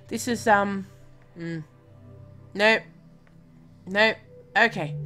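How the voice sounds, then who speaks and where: A woman streams a game live, chatting and muttering to herself in a self-deprecating way. Her voice sits a little high, with faint music playing quietly behind her. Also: animated, measured pace. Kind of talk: casual live-stream gameplay chat.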